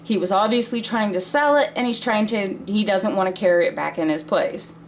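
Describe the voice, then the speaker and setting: A woman's voice: mid-range voice, fairly quick, slight background noise. Chatty woman in her thirties telling a story. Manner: chatty, laughs between lines. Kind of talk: casual spoken storytelling.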